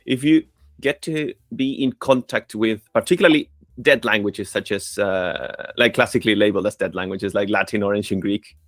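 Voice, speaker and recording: A man from Chile hosting an interview, speaking in an earnest, halting way full of fillers. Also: fairly low pitch, dry recording, clean studio sound. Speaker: host. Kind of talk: conversational interview.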